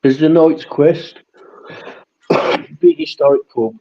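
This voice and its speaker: A man's voice: a little high, steady tone, moderate pace, dark tone. A man, telling rambling anecdotes in casual chat and swearing freely. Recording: dull lo-fi stream audio.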